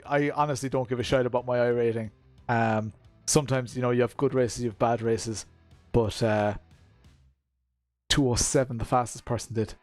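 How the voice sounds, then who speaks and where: A man, chatting casually on a live stream while racing, rambling and laughing often at himself. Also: mid-range voice. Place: home at night, kids asleep upstairs.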